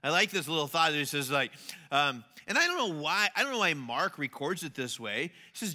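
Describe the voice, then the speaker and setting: Bright, animated man preaching. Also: on the high side, brisk. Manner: animated storytelling, acting out panicked voices. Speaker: pastor. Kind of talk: sermon. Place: church.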